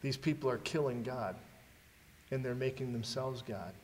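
Male preacher, mid pitch, sermon delivery with questions to the room, long hall reverb. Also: moderate pace, a little mellow. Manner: rhetorical questions to the congregation, dramatic readings.

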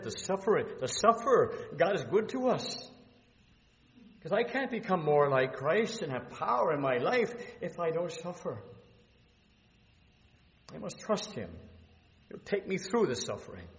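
A man preaching a sermon, swinging from hushed pleading to loud emphatic passages. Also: medium pitch. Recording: muffled, reverberant hall.

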